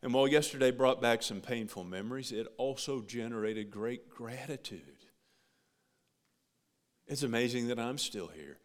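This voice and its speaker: A male pastor giving a sermon, swinging from loud, rising emphasis to soft, quiet passages. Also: mid-range voice. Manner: preaching with big rises and soft drops. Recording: long hall reverb.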